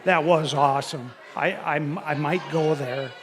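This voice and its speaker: A man from the audience telling a rambling, animated story during a live podcast recorded at a brewery. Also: a little high, measured pace. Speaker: audience member asking a question. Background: crowd noise.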